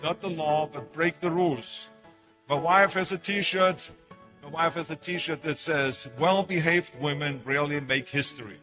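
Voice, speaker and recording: A man's voice: on the high side, highs cut off. An older man with an Austrian German accent, whose first language is German, giving an emphatic motivational speech full of stories. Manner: storytelling, emphatic, with acted quotes. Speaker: public speaker.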